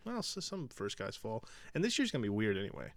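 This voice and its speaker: A young man co-hosting a sports podcast, chatting casually with deadpan sarcasm. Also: lowish voice, fast, crowd noise. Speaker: podcast co-host.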